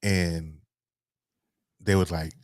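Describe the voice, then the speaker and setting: A man, a guest telling a painful personal story in a halting way, repeating words, his voice sinking low and soft. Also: little pitch movement, no room sound, studio quality. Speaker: interview guest.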